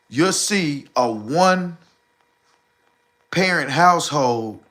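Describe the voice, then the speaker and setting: Male livestream host, AAVE, blunt preachy delivery with heavy profanity; bright, fairly high voice. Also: animated, measured pace. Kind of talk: casual livestream rant.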